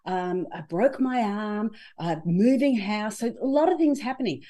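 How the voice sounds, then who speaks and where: A woman talking as a guest in an interview, animated and acting out her own inner dialogue. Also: medium pitch, normal speed. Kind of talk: conversational interview.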